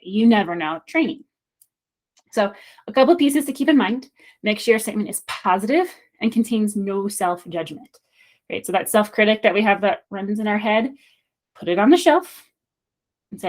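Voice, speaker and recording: A woman giving a recorded lesson on sport psychology, explaining ideas in a friendly, reflective way with small pauses. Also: mid-range voice.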